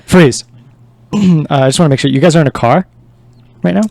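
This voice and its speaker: A man hosting an improv show, giving halting scene prompts. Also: fairly high pitch, gravelly, darkish tone. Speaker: improv host. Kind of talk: casual chat.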